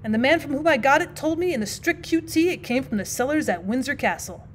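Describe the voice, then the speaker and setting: A woman's voice: high-pitched, expressive, quick pace, slight background noise. Woman voicing a bluff, jovial businessman. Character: hearty, self-assured older businessman.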